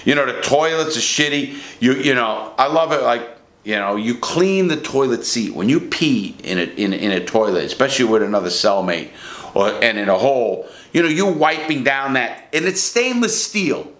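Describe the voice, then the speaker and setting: A man's voice: mid-range voice, lively intonation, moderate pace, fairly bright tone. A middle-aged man bluntly recounting his time in prison in a casual, profane, rambling way, full of restarts. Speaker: ex-prisoner storyteller. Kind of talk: casual first-person storytelling. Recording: echoey room.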